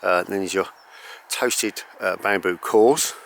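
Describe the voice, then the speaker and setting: A man's voice: low voice, slow pace, gravelly, a bit bright. Rambling outdoor archery vlogger man. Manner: rambling, lots of ums and uhs, self-correcting. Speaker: archery channel host reviewing a bow. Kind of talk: casual unscripted gear review. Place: outdoors in bright sun.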